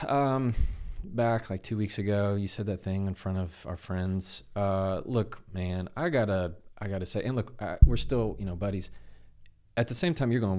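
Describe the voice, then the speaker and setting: On a podcast, a male guest who is a communication expert walks through handling difficult conversations in an unhurried, lowish voice. He's animated, illustrating his conversational explanation by acting out dialogue in different quoted voices.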